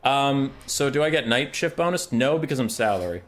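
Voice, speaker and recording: A man's voice: mid-range voice, animated, fairly quick, a bit bright, soft background music. A young man chatting casually while he streams a game, loose and joking, swearing freely.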